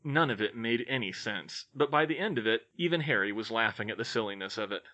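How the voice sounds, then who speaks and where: Bright, expressive male narrator. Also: fairly low pitch, a little fast. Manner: expressive, does many voices. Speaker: audiobook reader. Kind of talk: scripted narration.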